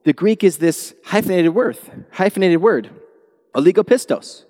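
A male pastor preaching a sermon in a church, animated, swinging from quiet asides to loud exclamations. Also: sits high, normal speed. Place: church sanctuary. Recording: long hall reverb.

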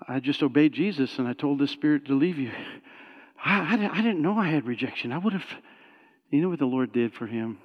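A man preaches from personal testimony, his voice sitting high for a man. He tells the story with animated swings and climbs into shouted praise at its peaks. The recording sounds dull and lo-fi. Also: a little fast, long pauses, long reverb tail. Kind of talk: sermon testimony.

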